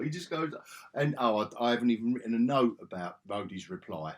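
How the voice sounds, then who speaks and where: A man's voice: mid-range voice, expressive, a little fast. A man giving a casual video review, ranting sarcastically and exasperatedly, with frequent restarts. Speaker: film reviewer.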